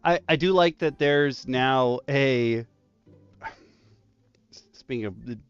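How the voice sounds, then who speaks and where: A man co-hosting a casual roundtable chat, telling stories in an animated way and laughing often. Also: mid-range voice, takes it slowly, smooth, no echo, lo-fi sound, soft background music. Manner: animated storyteller, laughs a lot. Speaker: dungeon master co-host.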